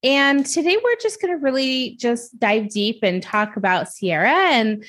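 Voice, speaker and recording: A woman's voice: fairly high pitch, lively intonation, a little slow, fairly bright tone. A woman hosting a podcast interview, chatty and upbeat, laughing easily with her guest. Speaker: podcast host. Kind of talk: casual interview chat.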